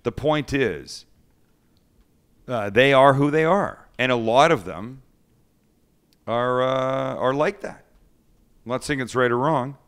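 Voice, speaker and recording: A man hosting a casual chat, telling a story in a lively way, acting out the people he quotes and swearing freely. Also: mid-range voice, slow pace, pauses often, smooth. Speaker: host.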